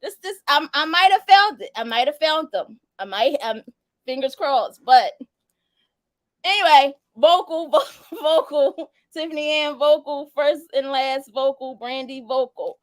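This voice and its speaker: A woman's voice: sits high, a little slow, fairly bright tone, no echo. A young adult woman hosting a casual live-stream chat, laughing and teasing as she reads viewer answers. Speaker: host.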